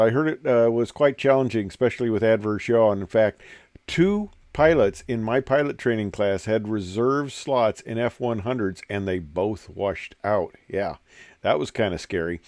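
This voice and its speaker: A man's voice: medium pitch, a little mellow, no room sound, studio quality. An older man and former pilot talks casually about old fighter planes, rambling with many "uh"s and restarts. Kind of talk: casual talk over pictures.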